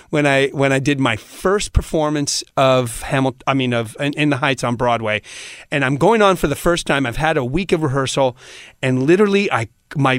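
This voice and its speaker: A man chatting as a podcast guest, telling animated stories with frequent laughs and stammered restarts. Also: mid-range voice, no echo, clean studio sound. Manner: animated, laughs often, repeats words when starting. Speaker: podcast guest, Broadway actor. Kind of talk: casual storytelling chat.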